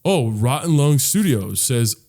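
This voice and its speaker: A man co-hosting a casual podcast, reacting quickly, teasing his partner and reading out listener questions. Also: mid-range voice, big pitch swings, a little mellow. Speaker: podcast co-host.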